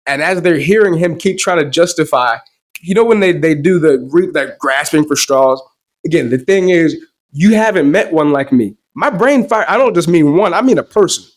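A young man hosting a podcast, telling a personal story in a wry, animated way and quoting the back-and-forth. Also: fairly high pitch, normal speed. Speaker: podcast host. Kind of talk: solo storytelling monologue.

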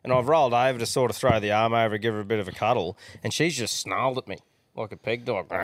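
A man's voice: lowish voice, fast talker, no echo. A man co-hosting a chat podcast, telling laid-back, sweary stories. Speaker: podcast co-host. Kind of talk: casual chat.

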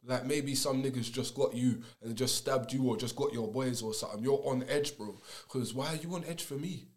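A young man, talking in an animated, slangy, emphatic way in casual podcast chat. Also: mid-range voice, brisk.

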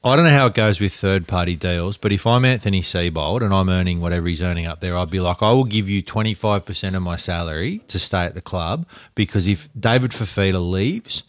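Aussie male co-host, very low voice, dry close sound, easygoing. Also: fairly quick, few pauses, no echo. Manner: laid-back, short agreeing replies. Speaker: podcast co-host. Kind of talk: casual sports podcast chat.

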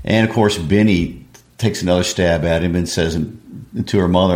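A man's voice: low voice, fairly even intonation, moderate pace, darkish tone. A man, a literature teacher, discussing a play in a laid-back, affirming way. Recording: echoey room.

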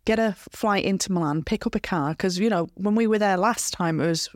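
A giggly British woman in her thirties co-hosts a podcast and tells her stories with a lively, chatty flow. Her voice is mid-pitched and sounds dry and close, with no room echo. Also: fairly quick. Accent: British English. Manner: giggly, chatty, animated storytelling. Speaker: podcast co-host. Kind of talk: casual chat.

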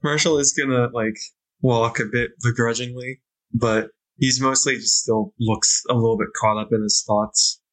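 A man playing a tabletop game, describing his character in a hesitant, low-key way. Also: fairly even intonation, moderate pace, rough recording. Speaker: player.

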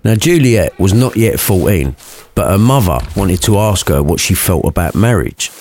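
A man's voice: low voice, animated, moderate pace, a little mellow. Cheeky man telling a rude story. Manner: crude, cheeky asides. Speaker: narrator. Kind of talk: comic storytelling.

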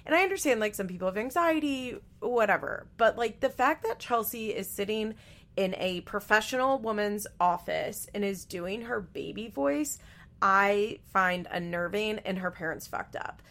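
A woman's voice: medium pitch, animated, moderate pace, fairly bright tone. A young adult woman hosting a show, giving blunt, profane commentary on a reality show in casual chat. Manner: blunt, profane and frank, with frequent fillers. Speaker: podcast host recapping a reality show.

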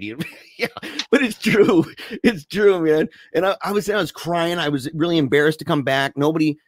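Animated, self-mocking man telling a story. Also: fairly high pitch, normal speed, no room sound. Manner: rambling, animated, self-mocking, lots of fillers. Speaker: guest storyteller. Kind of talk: casual storytelling chat.

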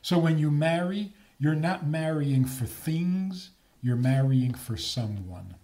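A man's voice: a little high, expressive, takes it slowly, warm tone. A man giving a lecture with humor, asking rhetorical questions and chuckling at his own points.

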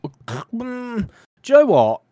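A man's voice: very high voice, huge pitch swings, slow pace, warm tone. A man hosting a casual comedy podcast, teasing his co-hosts with a guessing game and laughing often. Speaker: podcast host.

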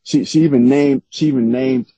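Husky dark-voiced author telling stories. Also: male voice, medium pitch, moderate pace, no echo. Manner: animated storytelling, laughs often. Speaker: author guest. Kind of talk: casual interview chat. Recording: slightly dull lo-fi sound.

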